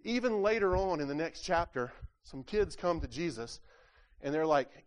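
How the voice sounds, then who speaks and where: A man preaches at a moderate pace, his voice a little high and expressive. He asks his listeners rhetorical questions, repeats words along the way, and dramatizes the voices in scripture passages.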